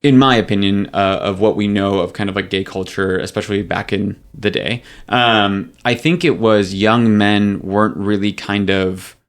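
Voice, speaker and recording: A male podcast co-host recounting history into a studio mic. His voice sits fairly low. He talks chattily, full of "um" and "like" and loose asides. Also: normal speed, few pauses. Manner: chatty, filler-heavy, warm asides. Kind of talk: casual history chat.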